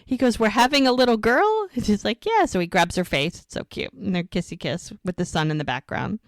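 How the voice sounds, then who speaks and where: Animated woman retelling a show. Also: lowish voice, brisk, no room sound. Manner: animated retelling, acts out dialogue. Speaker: podcast co-host recapping episodes. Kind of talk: casual recap chat.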